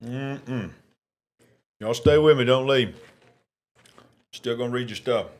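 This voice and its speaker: A man's voice: medium pitch, slow. A man hosting a casual live election-night stream, chatting and eating while he reads viewer comments. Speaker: livestream host.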